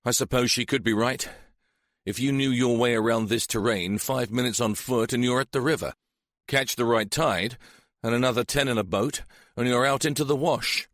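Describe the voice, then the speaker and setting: A man's voice: mid-range voice, normal speed, fairly bright tone, no room sound, clean studio sound, lightly acted. A man voicing a wary young detective constable, blunt and sardonic.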